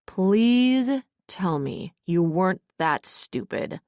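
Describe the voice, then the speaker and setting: A woman voicing a calm, reasonable male executive with a measured, wry way of talking. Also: fairly low pitch, smooth, dry recording, studio quality.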